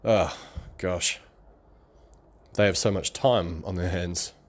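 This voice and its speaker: A man's voice: sits low, slow. A man doing a sighing, weary tycoon. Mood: wistful. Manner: wistful, sighing. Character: weary ultra-rich businessman wishing for free time.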